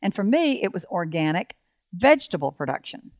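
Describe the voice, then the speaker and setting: A woman's voice: on the low side, very animated, fairly quick, no echo. A woman co-hosting a farm radio show in casual chat, earnest and full of ums. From Alabama, US. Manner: warm and earnest, with many ums.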